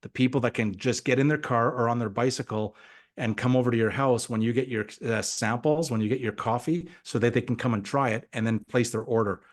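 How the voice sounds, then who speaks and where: A man giving an energetic, motivational sales talk on a team call. He often repeats himself and acts out quoted conversations. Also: medium pitch, a little fast. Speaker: guest speaker on a team call. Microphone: call audio.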